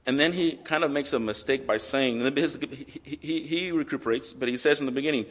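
A male pastor preaching a sermon earnestly and with emotion, reading scripture aloud slowly. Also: mid-range voice, a bit bright. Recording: long hall reverb.

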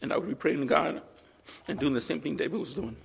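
A male pastor preaching a sermon earnestly and with emotion, reading scripture aloud slowly. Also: fairly high pitch, creaky, husky. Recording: long hall reverb.

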